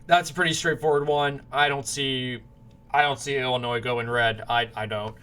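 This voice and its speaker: A man's voice: medium pitch, steady tone, moderate pace, fairly bright tone. A man giving casual political predictions, rambling, often restarting and apologizing when he stumbles over names. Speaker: political commentator.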